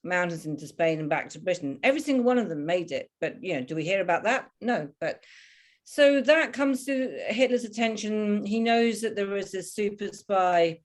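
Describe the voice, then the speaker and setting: A woman's voice: medium pitch, normal speed. Woman author telling a vivid story. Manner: animated, vivid narrative storytelling. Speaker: author and historian, guest. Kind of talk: storytelling in an interview.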